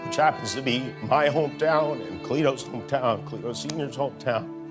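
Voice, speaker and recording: A man giving an emotional speech, halting and apologetic as he holds back tears. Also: medium pitch. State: choked up, fighting tears. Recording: speech clip over string music.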